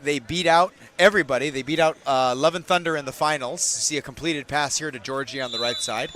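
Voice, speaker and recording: High, bright excitable male sports commentator. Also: fast. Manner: excitable, jokey, bursts loud on big plays. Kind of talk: play-by-play commentary with banter. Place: commentary booth. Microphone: booth microphone.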